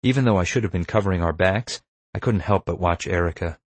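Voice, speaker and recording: A man narrating an audiobook in a wry, measured storytelling manner. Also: low-pitched, no echo.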